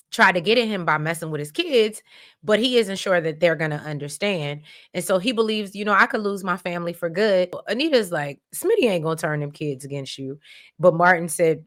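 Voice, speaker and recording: Emotional low-voiced woman recapping a soap. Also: a bit bright. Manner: emotional, exclaiming, addresses viewers as y'all. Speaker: recap host. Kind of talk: casual recap and commentary.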